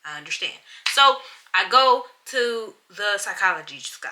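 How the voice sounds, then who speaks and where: A woman's voice: medium pitch, animated, a little slow, bright, forceful tone. A young adult woman hosting a podcast, telling a story in casual chat and acting out other people's lines with animation. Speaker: podcast host.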